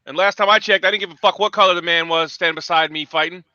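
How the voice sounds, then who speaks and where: Furiously cursing high-voiced man. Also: steady tone, fast talker, pushed and bright, dry recording, muffled recording. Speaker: host. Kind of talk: profane morning livestream rant.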